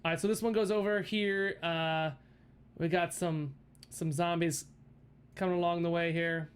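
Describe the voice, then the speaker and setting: A man with a fairly high voice runs a tabletop game as game master. He narrates in a halting way, full of fillers and restarts, and breaks into laughter often. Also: fairly even intonation, smooth.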